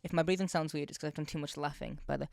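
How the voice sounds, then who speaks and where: A woman's voice: low voice, fairly even intonation, rapid-fire, creaky, a little mellow, no echo, clean studio sound. A young adult woman co-hosting a casual podcast, laughing often and acting out scenes. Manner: laughs often, acts out scenes in silly voices. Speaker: podcast co-host. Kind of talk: casual chat.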